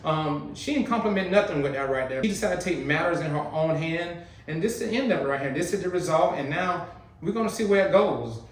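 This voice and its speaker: A man's voice: fairly high pitch, expressive, a little fast, echoey room, far from the mic, poor audio. Chatty man hosting a reaction video. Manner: chatty, teasing, addresses viewers as fam. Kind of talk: casual commentary on a clip.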